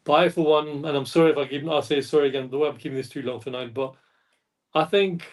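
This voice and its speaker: Man, slightly high voice, a fan panelist who rambles and keeps apologising; picked up from a distance. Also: fairly even intonation, fast. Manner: rambling, apologetic, self-correcting. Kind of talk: casual chat. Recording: distant mic.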